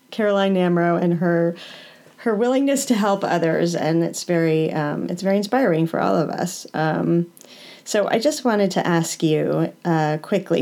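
Friendly woman interviewer with a lowish voice. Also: darkish tone. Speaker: interview host. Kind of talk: casual conversational interview.

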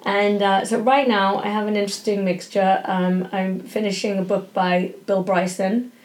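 A woman's voice: mid-range voice, flat delivery, normal speed. A woman from Yorkshire, chatting as a podcast guest and filling her talk with "you know" and "um". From Yorkshire, England. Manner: chatty, many fillers and restarts. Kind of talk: casual interview chat.

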